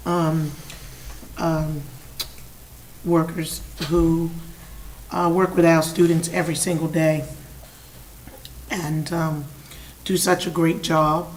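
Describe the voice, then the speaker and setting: A hoarse woman speaking as a board member at a meeting, halting and full of fillers. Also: low voice, level tone, far from the mic, slight background noise, rough recording. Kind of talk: meeting remarks.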